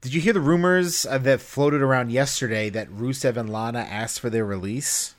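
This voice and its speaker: A man on a casual podcast, rambling and filling pauses with ums and uhs. His voice sits at an ordinary middle pitch. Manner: rambling, with many fillers. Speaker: podcast co-host. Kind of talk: casual chat.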